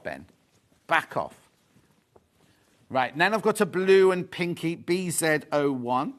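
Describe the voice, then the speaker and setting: A middle-aged man hosting a live fabric sales show, chatting excitedly and teasing the crew. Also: fairly high pitch, measured pace, long pauses. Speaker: shopping show host.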